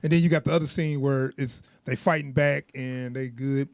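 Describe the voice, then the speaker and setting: A man's voice: medium pitch, fairly even intonation, normal speed, no room sound. A young man co-hosting a podcast in casual chat, laughing often and rambling in loose slang. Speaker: podcast co-host.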